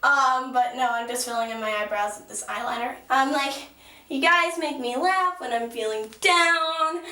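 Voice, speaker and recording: A teenage girl vlogging in an excitable, gushing way, swearing casually while she tells a story and does her makeup. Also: sits high, moderate pace. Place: small echoey room at a mirror. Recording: echoey room.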